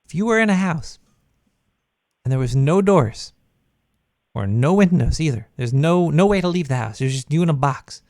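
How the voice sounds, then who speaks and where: A man's voice: on the high side, expressive, moderate pace, pauses often, darkish tone, no room sound, studio quality, close to an everyday voice. A man voicing a paranoid cartoon rat who hosts a call-in show, quizzing his caller with odd questions. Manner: curious, keeps firing questions. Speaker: show host. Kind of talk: comedic call-in chat.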